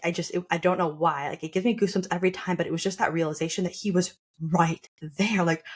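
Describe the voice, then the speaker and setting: Young woman, podcast host, chatty storyteller, voice sits a little low, loose and conversational. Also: slightly rough. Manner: chatty, with frequent "like" fillers and quoted asides. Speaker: podcast host sharing her birth story.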